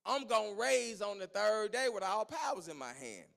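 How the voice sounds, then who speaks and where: Preacher playing a calm, plain-talking Jesus. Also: male voice, high voice, normal speed, vocal fry, pitched above the performer's own voice, heavily acted. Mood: earnest. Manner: speaks in casual vernacular. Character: Jesus, calm man teaching his friends.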